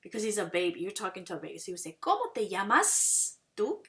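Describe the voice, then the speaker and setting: A woman teaching a Spanish lesson in English, explaining patiently and saying Spanish phrases slowly and clearly for learners to repeat. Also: mid-range voice, sing-song, sharp tone. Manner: explains patiently, asks "okay?" and "right?" to check understanding. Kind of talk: classroom language lesson.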